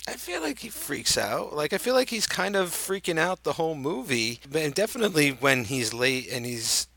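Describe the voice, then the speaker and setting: A man co-hosting a podcast in casual chat, relaxed and musing, often trailing off. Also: a little high, normal speed, creaky. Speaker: podcast co-host.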